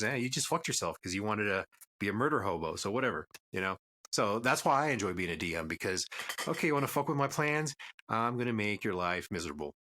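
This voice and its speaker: A man's voice: mid-range voice, sharp tone. A man co-hosting a podcast in casual chat, talking bluntly and swearing easily. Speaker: podcast co-host.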